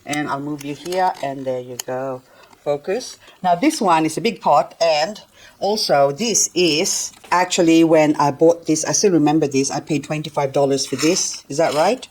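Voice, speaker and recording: An older woman with a low, darkish voice chats nonstop at a moderate pace, giggling as she cleans up her plants for a gardening vlog. It's casual talk while she works, and the recording is rough.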